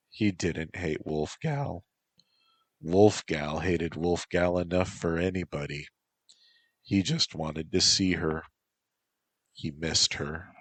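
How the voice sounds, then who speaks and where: A man reading a story aloud in a measured, even way. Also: low voice, no echo. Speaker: narrator.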